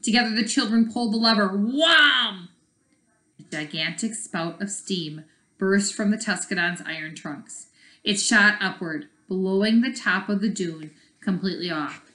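A woman teacher reading a chapter book aloud and pausing to explain the story. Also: medium pitch, pushed and bright. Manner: explains the story as she reads. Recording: echoey room.

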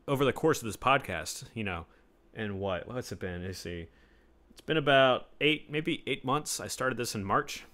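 A young man talks into his home podcast mic in a loose, rambling rant. His voice is bright and forward, and he swears freely. He shifts between low muttered asides and sudden loud outbursts. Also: expressive, fairly quick. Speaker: podcast host. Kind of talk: solo casual podcast rant. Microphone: home podcast mic setup.

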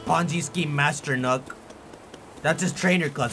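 A young man giving casual gameplay commentary, ranting in an animated, theatrically angry way. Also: fairly high pitch, normal speed. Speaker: gaming YouTuber. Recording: faint music behind.

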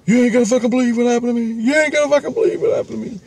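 A man voicing his panicked young woman friend, frantic and rushed. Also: very high voice, steady tone, a little mellow, voice pushed up.

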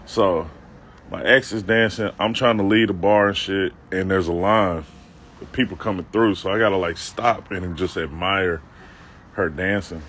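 A low-voiced man spinning a comic tale from his own life for a live stream, loose and slangy, breaking off for joking asides to whoever is watching. He is out on a city street, with the faint sound of the block behind him. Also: fairly even intonation, normal speed, a bit bright, slight background noise. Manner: loose, slangy, self-mocking, with asides to viewers. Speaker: comedic vlogger telling a story. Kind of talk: casual storytelling to a live-stream audience.

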